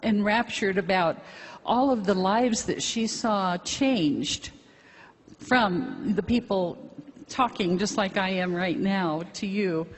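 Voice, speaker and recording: A woman's voice: medium pitch, slow pace. A middle-aged woman giving a chatty, rambling, self-deprecating testimony to a convention audience. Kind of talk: casual spoken testimony to an audience. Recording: hall reverb, faint crowd and noise.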